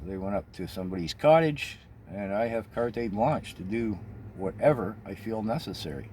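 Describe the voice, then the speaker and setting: A man with a fairly low voice tells a personal story in a loose, meandering way, with wry asides along the way. He sounds casual and conversational, and a faint background hum sits under his voice. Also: lively intonation, moderate pace, darkish tone. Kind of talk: rambling spoken anecdote.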